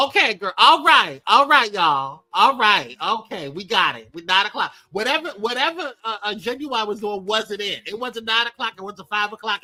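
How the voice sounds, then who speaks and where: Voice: mid-range voice, pushed and bright. A host of a live show, chatting casually in a sassy, teasing, playful way, calling people girl and baby and trading jokes with the crew. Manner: chatty with frequent laughs and restarts.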